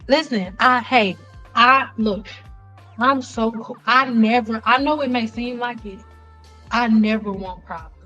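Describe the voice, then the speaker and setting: A young woman hosting a casual livestream chat, talking bluntly and with lots of profanity, telling animated stories. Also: on the high side, measured pace, highs cut off, faint music behind. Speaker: livestream host.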